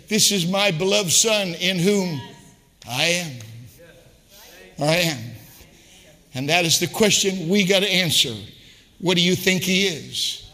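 A man preaching a sermon as a guest preacher, impassioned and rhythmic, rising to shouts, in a church. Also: high voice, long reverb tail. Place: church sanctuary.

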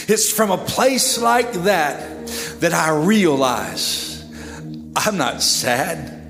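A man preaching an impassioned altar-call sermon at a church service, moving between hushed and shouted prayer. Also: sits high. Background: musicians playing.

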